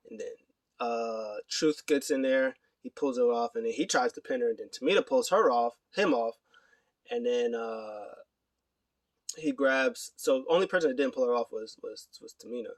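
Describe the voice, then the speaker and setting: A young man recapping a wrestling show in a casual, rambling way, full of fillers and quick asides. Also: mid-range voice, no room sound. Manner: animated retelling with put-on quoted voices.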